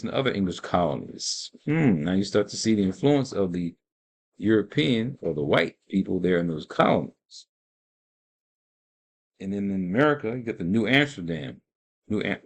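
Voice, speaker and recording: A man with a lowish voice reads passages from a book and then comments on them. He stops often to explain what he has read, spell words out and correct his own slips, moving between reading aloud and casual commentary. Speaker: host reviewing a book.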